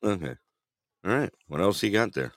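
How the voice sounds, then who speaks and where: A man's voice: deep voice, normal speed, no room sound. A man co-hosting a talk show, telling stories with lots of laughter. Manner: laughing storyteller, animated. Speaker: radio show co-host. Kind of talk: casual chat show banter.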